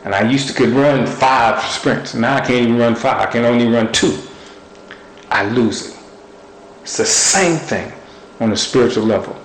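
A man's voice: medium pitch, normal speed. Man preaching, earnest, repetitive, roomy echo, faint hiss. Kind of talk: sermon.

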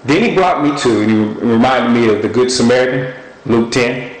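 A man preaching a sermon, telling personal stories in a lively, folksy way and sometimes quoting what God said to him. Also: mid-range voice, normal speed, reverberant, low-quality recording. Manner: animated storytelling, folksy speech.

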